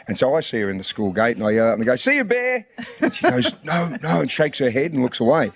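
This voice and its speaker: A man's voice: medium pitch, racing. A man with an Australian accent co-hosting a breakfast radio show, telling a story in chatty banter. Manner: chatty storyteller, mimics his daughter.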